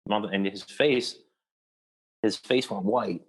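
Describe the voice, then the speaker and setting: A man's voice: sits low, normal speed. A young adult man, an actor, telling a long personal story in a casual interview and rambling with many restarts.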